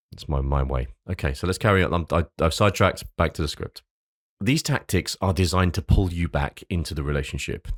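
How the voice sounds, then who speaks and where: Deep-voiced man hosting a self-help podcast. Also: no echo, clean studio sound. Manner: earnest, loose and sweary when off script. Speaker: podcast host. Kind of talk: reading a script with casual asides.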